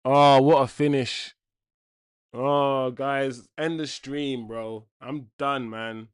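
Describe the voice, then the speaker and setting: Young man, football watchalong host, slow and slangy, very dry close-mic sound. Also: medium pitch, fairly even intonation, clean tone, no room sound. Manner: loud swings from groans to shouts, slang-heavy. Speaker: watchalong streamer. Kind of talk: live football watchalong reaction.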